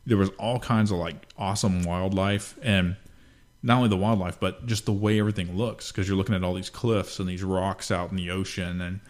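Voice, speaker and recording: A young man with a very deep voice chats on a casual podcast. He speaks in a relaxed, reflective way, with plenty of "like" and "you know" as he thinks aloud. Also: a little fast. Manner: laid-back, reflective, filler-heavy. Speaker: podcast co-host. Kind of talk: casual chat.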